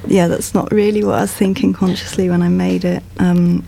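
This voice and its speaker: Gravelly-voiced woman artist musing. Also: lowish voice, little pitch movement, brisk, mellow, a little hiss or hum. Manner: reflective, hesitant with many ums. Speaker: artist guest. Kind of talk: casual art discussion.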